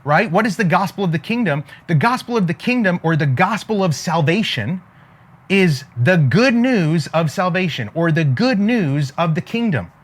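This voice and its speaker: Animated preacher-style man. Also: high voice, normal speed. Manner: emphatic, preacher-like cadence with call-and-response asides. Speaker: faith-based business coach. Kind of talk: preachy motivational talk to camera.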